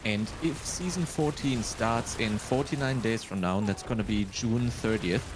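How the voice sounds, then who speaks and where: A man with a German accent in casual live-stream chat, reasoning his way through things out loud. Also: medium pitch, moderate pace, noisy background. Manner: thinks aloud, working things out step by step. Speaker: streamer and host.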